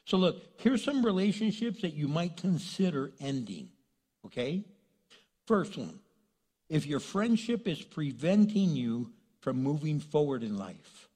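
Lively preacher guy, husky voice, joking around, long church-hall echo. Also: fairly high pitch, unhurried. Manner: animated, joking, acts out quoted voices. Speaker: pastor. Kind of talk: sermon.

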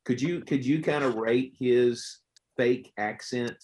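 A man's voice: mid-range voice, slow pace, darkish tone. A man interviewing a guest in a friendly, encouraging way.

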